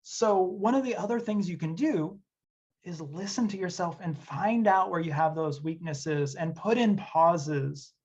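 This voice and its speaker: A man's voice: high-pitched, a little slow, darkish tone, slightly rough. A man from Tennessee who works as an instructional designer, leading an online workshop in an earnest, conversational way with many fillers. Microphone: computer mic on a video session. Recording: dull lo-fi audio.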